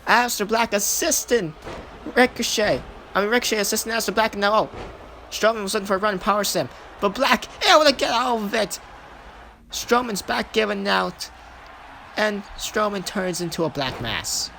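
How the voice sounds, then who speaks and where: A young man doing excited play-by-play commentary over a wrestling video game, repeating himself and shouting at the big moments. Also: high voice, moderate pace, gravelly, a little hiss or hum.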